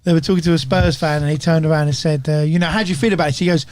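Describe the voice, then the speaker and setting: A man's voice: on the high side, fairly even intonation, very fast, hardly any pauses, a little mellow. A man telling football stories in casual banter with friends. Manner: laughing, storytelling banter. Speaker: podcast co-host.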